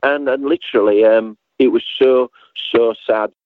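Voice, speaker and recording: A man reminisces in a loose, rambling way, stumbling over restarts and slipping into lively impressions of the people in his story. His voice comes through thin and boxy, like a phone call, with no room sound around it. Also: medium pitch, moderate pace, no echo. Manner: animated storyteller, acts out voices, frequent restarts. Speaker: guest recalling a late friend. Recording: tinny phone-line sound, dry.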